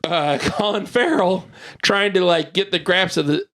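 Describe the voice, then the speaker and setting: A man's voice: high-pitched, measured pace. Rambling male podcast host. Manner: rambling, animated storytelling with filler words. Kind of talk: casual chat.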